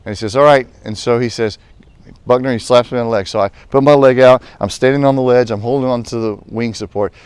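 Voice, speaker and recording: Man, pastor, devotional talk, animated storytelling, mid-range voice. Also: mid-range voice, quick pace, clean tone, no room sound. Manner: animated storytelling, later calm and earnest.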